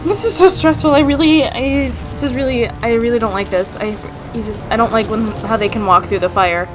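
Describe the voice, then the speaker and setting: A woman reacting to a TV episode in casual commentary, gasping and calling out to the characters. Her voice is high for a woman, with faint music in the background. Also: brisk. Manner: excitable, gasping, talking to the screen. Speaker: reaction video host.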